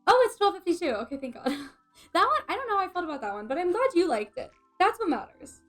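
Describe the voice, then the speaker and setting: A woman's voice: very high-pitched, very animated, quick pace, a bit bright, soft background music, voice pushed up, exaggerated voice. A woman doing a mock English accent. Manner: chatty, greets and thanks chat while doing her hair. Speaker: streamer. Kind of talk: casual live-stream chat.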